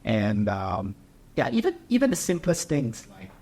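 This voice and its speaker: A man's voice: on the low side, wildly swooping pitch, normal speed, darkish tone. A young man from Singapore, a triathlete guest, chatting casually and hesitantly with many fillers and restarts. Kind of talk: casual interview chat.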